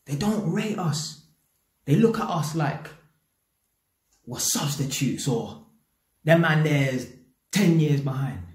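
A man's voice: fairly high pitch, lively intonation, slow pace, pauses often, darkish tone, reverberant. A man with a London accent giving a blunt, slang-heavy opinion rant straight to his audience, swearing freely. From England. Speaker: YouTube commentator.

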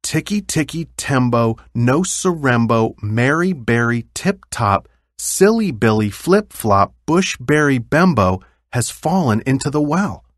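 A man voicing a frantic little boy in a children's storybook, shouting a long name in a rush. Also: mid-range voice, big pitch swings, measured pace, few pauses, dry recording, studio quality. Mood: breathless.

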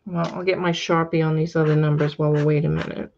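A woman's voice: sits low, little pitch movement, fast, muffled recording, noisy background. A woman with a Long Island accent hosting a live resale auction, chatting with viewers and reading out item sizes and bidder names. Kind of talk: casual live-sale patter.

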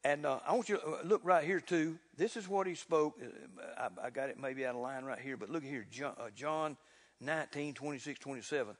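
A man preaching a sermon in a folksy, fervent way, building to loud exclamations. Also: fairly high pitch, fairly quick. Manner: folksy, repeats "look here". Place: church sanctuary. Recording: reverberant church hall.

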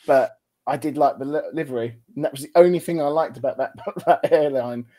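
This man speaks in an easygoing way as a podcast guest, laughing easily and saying plainly what he thinks. His voice sits at an ordinary middle pitch. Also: fairly quick, mellow. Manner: easygoing, laughs often, blunt opinions. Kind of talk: casual chat.

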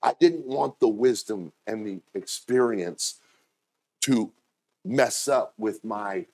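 A man preaching a sermon to his church. He tells animated stories and puts on quick voices for the people he quotes, his pitch swinging widely from low asides to high exclamations. His voice sits at an ordinary middle pitch between those swings. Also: vocal fry. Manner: animated storytelling, acting out quotes with sudden pitch jumps. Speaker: pastor.

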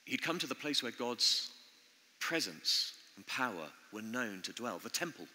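A man preaching a sermon in an earnest, conversational way, pausing often as he speaks in a church. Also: medium pitch, big pitch swings, pushed and bright. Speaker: pastor. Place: church building. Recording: long church reverb.

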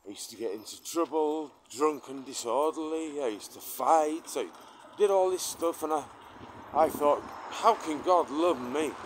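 A man in his forties giving a personal testimony to camera, halting with many restarts and dropping to a hushed tone when moved. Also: a little high, background noise. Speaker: Christian video host.

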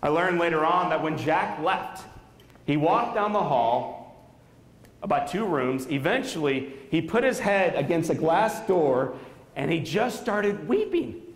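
A man's voice: on the high side, lively intonation, unhurried. A man in his thirties giving an inspirational keynote speech at a school, telling a story dramatically and quizzing the audience. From Saint Louis area. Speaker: motivational speaker. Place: school auditorium. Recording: echoey hall.

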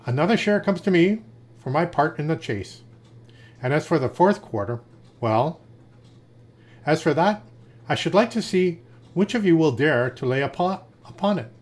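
A man's voice: on the high side, lively intonation, moderate pace, pauses often, natural voice. A man voicing a proud, commanding male lion in a read-aloud fable, speaking pompously.

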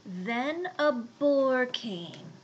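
A woman reading a children's storybook aloud in a gentle, unhurried way. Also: high-pitched, lively intonation, muffled recording, slight background noise.

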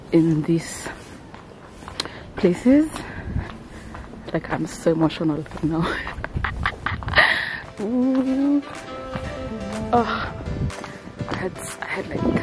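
Woman in her 20s, Kenyan accent, fairly low voice, emotional chatty vlog, faint music behind. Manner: emotional, gushing, talks in repeated phrases. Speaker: vlogger. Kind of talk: casual vlog talk to camera.

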